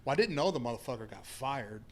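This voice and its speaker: A man's voice: mid-range voice, animated, fast, slight background noise. A man telling a rambling, profane story in casual podcast chat. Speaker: podcast guest.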